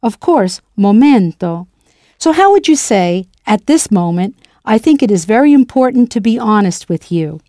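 Mellow woman teaching a language lesson. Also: medium pitch, very animated, moderate pace, dry recording, clean studio sound. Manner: clear, playful, spells words out letter by letter. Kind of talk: scripted lesson narration.

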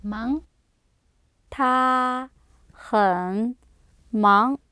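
A woman models pronunciation for a language class, saying each word with careful, deliberate enunciation. She speaks extremely slowly in a fairly high voice. The recording is dry. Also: bright, forceful tone, clean tone, no echo. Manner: slow, carefully enunciated single words.

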